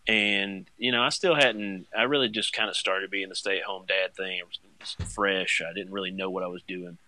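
A young stay-at-home dad tells a funny story in casual conversation at a normal speed. He gets animated, jumping high as he acts out his own panic.

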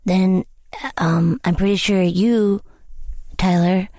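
A woman in an improvised comedy scene, eagerly rambling through her pitch with many fillers. Her voice is slightly low and close, in a dry recording with no room sound. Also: fairly even intonation, slow, dark tone, dry recording. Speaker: pitcher in a sketch.

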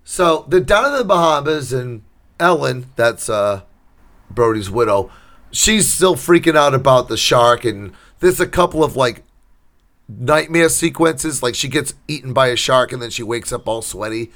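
A man's voice: medium pitch, expressive, normal speed, a bit bright. Sarcastic man recapping a movie. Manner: sarcastic storytelling, acts out quotes. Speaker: podcast co-host. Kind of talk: casual chat.

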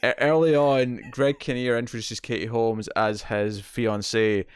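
A man's voice: mid-range voice, little pitch movement, measured pace, clear, resonant tone, no echo, clean studio sound. A man co-hosting a casual film podcast, talking in a rambling way with many restarts. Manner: rambling, frequent restarts and repeated words. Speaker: podcast co-host. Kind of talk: casual movie review chat.

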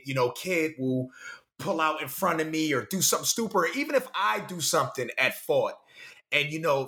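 A man in his late twenties talks in a bright, edged, slightly high voice. He swears casually and slips into acted-out quotes when telling a story. Loose, animated podcast chat between friends. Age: 20s. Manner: animated, swearing, laughs often, acts out quotes. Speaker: podcast co-host.

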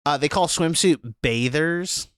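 A man's voice: fairly high pitch, measured pace, a bit bright, clear, resonant tone, dry recording, studio quality. A man co-hosting a podcast in casual, joking chat. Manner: joking, reads out slang and review scores. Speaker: podcast co-host.

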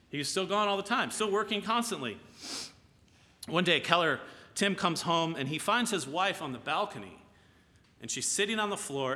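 Male pastor, conversational sermon, bright voice a touch high, long echoing hall. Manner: conversational, often asks "right?".

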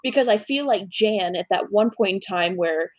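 Animated swearing woman podcaster. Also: medium pitch, normal speed, dry recording. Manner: animated, swears a lot, acts out scenes. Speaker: podcast co-host. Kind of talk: casual chat.

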